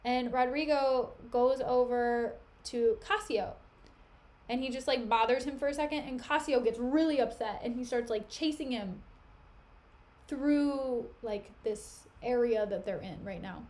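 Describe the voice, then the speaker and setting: A woman's voice: fairly high pitch, measured pace, a little mellow. A young woman streaming, retelling a play in a chatty, slangy way, her voice still recovering.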